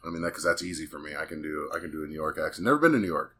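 A man's voice: very deep voice, animated, racing, pushed and bright. A man hosting a casual podcast about a tabletop game, joking loosely and swearing now and then. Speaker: podcast host.

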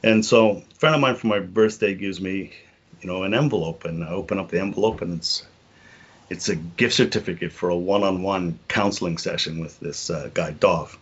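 A middle-aged man telling a personal story as a podcast guest, earnest and halting, often repeating words and saying "you know". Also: deep voice, slightly rough, highs cut off.

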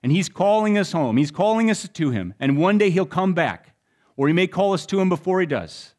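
A man's voice: high-pitched, lively intonation, brisk. Man preaching a storytelling sermon. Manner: storytelling, swings between loud and hushed. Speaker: pastor.

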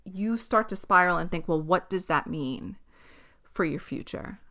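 A woman in her thirties hosting a solo podcast, telling a personal story in a candid, animated way. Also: on the low side, measured pace. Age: 30s. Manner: candid, animated storytelling with frequent swearing and laughter. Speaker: podcast host. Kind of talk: casual solo podcast chat.

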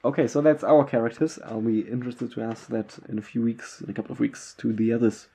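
A man from Germany with a German accent, co-hosting a podcast in casual, halting chat. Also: medium pitch, steady tone, gravelly, dark tone, husky. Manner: chatty, halting, with restarts. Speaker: podcast co-host.

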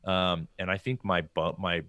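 A middle-aged American man with a low voice tells a story as a podcast guest, animated and acting out the conversations. The recording is dry and close. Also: measured pace, no echo. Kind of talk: casual storytelling interview.

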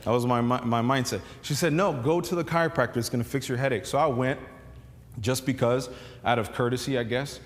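A man's voice: medium pitch, a little fast, long reverb tail. A male pastor preaching a sermon in a loose, conversational storytelling way, full of restarts and fillers.

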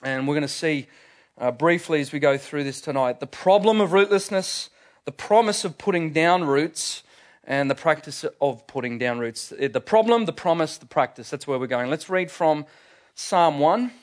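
A man preaching a sermon with earnest emphasis. His voice sits a little high for a man. He leans on key words and scatters fillers as he goes. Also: expressive, normal speed.

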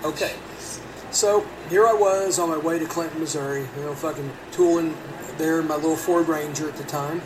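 A middle-aged man rambles through a crude story with plenty of swearing, his voice sitting a little high. He sounds set back from the mic, with steady noise underneath. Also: normal speed. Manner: rambling, profane, animated when quoting. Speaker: podcast host. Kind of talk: casual storytelling. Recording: distant mic with background noise.

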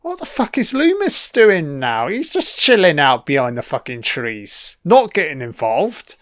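A British man talks over a film in a slow, unhurried drawl, his voice smooth and clear and sitting a little high. He swears constantly and scolds the characters on screen as if they could hear him. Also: huge pitch swings, a bit bright, no room sound, clean studio sound. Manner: profane, heckling the screen. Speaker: film commentator. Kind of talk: audio film commentary.

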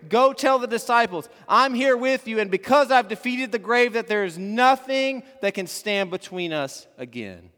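High-voiced preacher in a reverberant hall. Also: male voice, animated, normal speed, hardly any pauses. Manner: rising to fervent emphasis, then dropping to soft hushed endings. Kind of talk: sermon.

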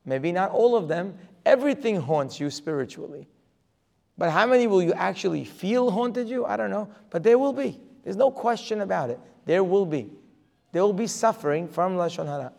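A man's voice: high-pitched, lively intonation, normal speed, creaky, a little mellow. A man giving a religious lecture as a Torah teacher, emphatic and full of rhetorical questions. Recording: long reverb of a hall.

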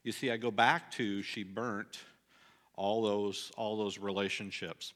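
A middle-aged man delivering a sermon, telling a personal story earnestly and dropping soft and low at the sad moments. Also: steady tone, measured pace. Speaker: pastor.

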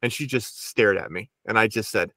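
A man's voice: fairly low pitch, moderate pace, a bit bright, dry recording, studio quality. Young man telling a rambling story. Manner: rambling storyteller who stumbles over words. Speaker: podcast co-host. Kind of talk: casual chat.

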